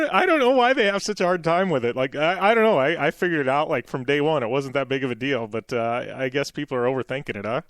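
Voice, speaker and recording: A man's voice: on the high side, lively intonation, quick pace, few pauses, fairly bright tone, no room sound, clean studio sound. A man hosting a radio show in casual chat, hesitant and full of "uh"s. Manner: hesitant, many "uh"s, laughs easily. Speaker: radio host.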